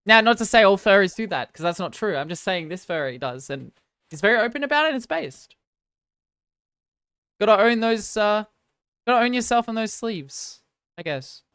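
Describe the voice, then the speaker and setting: A woman's voice: mid-range voice, animated, normal speed, pauses often, fairly bright tone, no room sound, studio quality. A woman streamer chatting casually with viewers, rambling and apologizing in a self-deprecating way.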